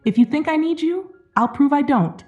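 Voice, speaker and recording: A woman's voice: a little high, sing-song, a little slow, dull audio, faint music behind, voice pushed up. A woman voicing a heartbroken young woman who has been drinking, her speech slurred, raw and unsteady. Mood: drunk defiance.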